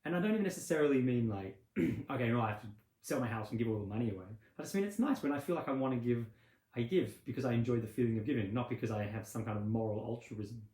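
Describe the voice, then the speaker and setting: Man, meditation teacher, casual rambling talk, mid pitch, echoey room. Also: expressive, quick pace, warm tone. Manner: rambling and conversational, acts out little scenes with laughs. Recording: roomy echo.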